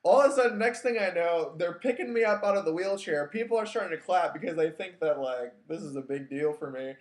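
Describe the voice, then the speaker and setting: A man's voice: sits high, animated, brisk. A man with a slightly raised voice tells a story from his own life in a loose, wry, self-mocking way, peppering it with filler words. He sounds like a show host chatting casually. The recording has an echoey, roomy sound. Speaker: podcast host. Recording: echoey room.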